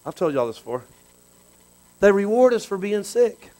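A man preaching a sermon in a conversational way, dropping to low asides and then bursting into loud exclamations. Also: sing-song, moderate pace, low-quality recording. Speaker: pastor.

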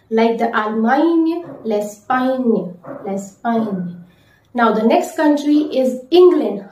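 A woman from India teaching French country names, saying each word slowly several times over. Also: high voice, dark tone. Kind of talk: slow language lesson with repeated pronunciations. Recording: echoey room, voice a bit far from the mic.

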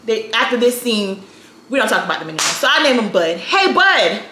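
A woman's voice: a little high, lively intonation, quick pace, sharp tone, slight background noise. A woman in her thirties telling a story on her vlog in a casual, sassy, slangy way. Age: 30s. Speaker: storytime vlogger. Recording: roomy echo, faint ambience.

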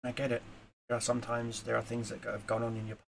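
A man talking straight to camera in a casual motivational vlog, earnest and rambling, moving from quiet reflection to emphatic urging. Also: medium pitch, monotone, very fast, creaky, a little hiss or hum. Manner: earnest, rambling, with fillers and repeats. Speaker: YouTuber.

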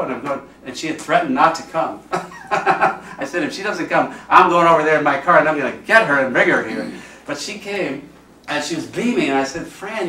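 This priest's voice runs on the high side, pushed and bright, as he gives his class a casual teaching talk and dramatizes quoted speech. Faint noise, a far-off mic and an echoing room color the recording.

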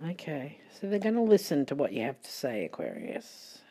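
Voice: mid-range voice, big pitch swings, brisk, dark tone, slightly rough. A middle-aged tarot reader with an Australian accent, chatting casually and rambling with muttered asides, sleepy late at night.

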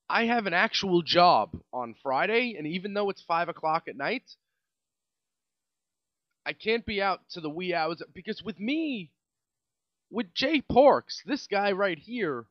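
A young New York man rants on his own podcast in a rambling, exasperated way, often restarting his sentences. His voice sits high and swings widely in pitch. The recording is dry and a little dull. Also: no room sound. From Staten Island, New York. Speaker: podcast host. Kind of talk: casual solo podcast rant.

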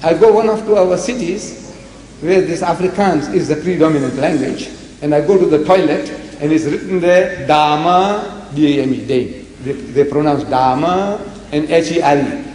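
Older male lecturer from South Africa, animated and given to acting out quotes, pitched a little high, recorded in a big echoing hall. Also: normal speed. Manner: animated, quoting and acting out dialogue. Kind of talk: religious debate lecture. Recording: echoey hall with faint noise.

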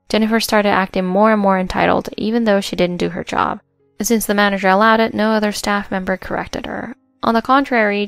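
Gravelly woman narrating a story. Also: mid-range voice, dry recording.

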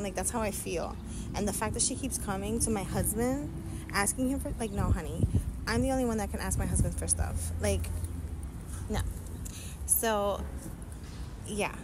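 A young adult woman telling a casual storytime rant, animated and swearing, acting out the quotes. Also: mid-range voice, very noisy.

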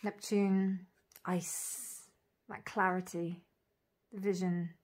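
Slow, dreamy woman admiring cards. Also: fairly low pitch, little pitch movement. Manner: dreamy, admiring, lingers on single words; soft laughs and gushing asides. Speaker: tarot reader reviewing an oracle deck. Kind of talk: casual unboxing walk-through.

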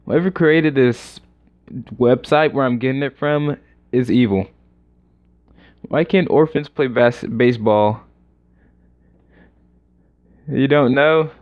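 Exasperated man in muffled gaming commentary. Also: medium pitch. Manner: exasperated, mock-dramatic groaning. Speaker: gamer. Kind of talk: let's-play commentary. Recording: lo-fi muffled recording.

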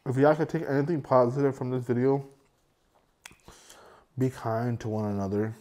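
A man's voice: medium pitch, steady tone, normal speed, warm tone. A man in his thirties talking casually to camera as a food vlogger, rambling with repeated words and fillers. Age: 30s. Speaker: mukbang vlogger.

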